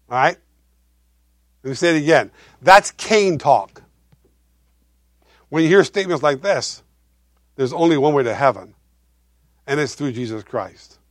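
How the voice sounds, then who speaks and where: A male pastor preaching a sermon, swinging between loud emphasis and quiet asides while asking his congregation questions. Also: on the high side, no echo, clean studio sound.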